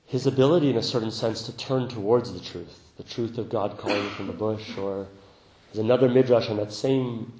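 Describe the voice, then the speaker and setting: A man teaching meditation to a group, speaking gently, laughing often, and growing lively when he tells a story. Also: lowish voice, reverberant, poor audio. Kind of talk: dharma talk.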